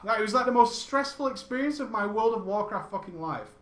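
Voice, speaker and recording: A man's voice: high voice, animated, fast talker, hardly any pauses, fairly bright tone, echoey room. A man telling a long, rambling gaming story in casual chat, correcting himself often and swearing freely. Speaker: storyteller recounting gaming memories.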